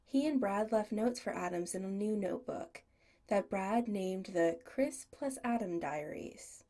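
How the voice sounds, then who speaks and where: A woman's voice: medium pitch, expressive, a little slow, warm tone. A woman narrating a story as an audiobook reader, giving each character a voice. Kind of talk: audiobook reading.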